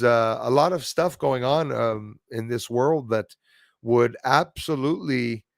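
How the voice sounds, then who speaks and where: A man's voice: mid-range voice, vocal fry, no echo, clean studio sound. A man hosting a casual livestream chat, rambling and reading out viewer comments. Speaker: livestream host.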